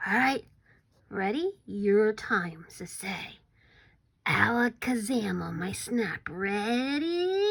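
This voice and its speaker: A woman teaching a recorded phonics lesson to young children, slow and encouraging, sometimes dropping to a whisper for suspense. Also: fairly high pitch, vocal fry, bright, forceful tone.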